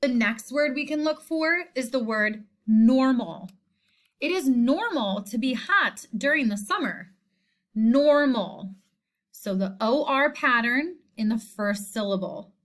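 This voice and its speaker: A woman teacher walks through a spelling lesson, saying each word, using it in a sentence and then saying it again. She talks at an unhurried pace in a fairly high voice. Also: expressive. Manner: slow, deliberate, repeats each word. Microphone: screen recording voice-over.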